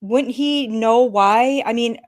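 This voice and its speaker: A woman's voice: fairly high pitch, slow. Laughing woman podcast co-host. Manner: laughs often, mocking reading voice. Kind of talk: casual podcast chat, reading comments aloud.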